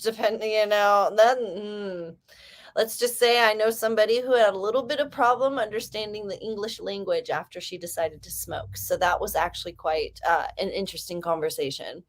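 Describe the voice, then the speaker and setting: A woman's voice: mid-range voice, fairly even intonation, moderate pace. A young woman from San Diego chatting casually with live viewers during a writing sprint stream, rambling and reading out comments. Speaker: livestream host.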